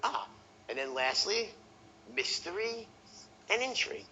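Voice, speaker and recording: Male sales trainer at a seminar: gravelly, bright, lively delivery that leans on demonstrating tone. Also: sits high, unhurried, a little hiss or hum, low-quality recording. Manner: animated, demonstrates tones by voice; talks to the audience directly, asks okay and right. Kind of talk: seminar teaching.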